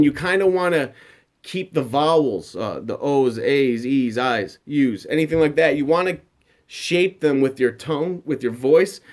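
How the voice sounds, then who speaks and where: A man's voice: mid-range voice, a little mellow. A young man talking casually as a vocal coach, loose and conversational, with many fillers as he explains singing technique. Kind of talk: casual teaching talk.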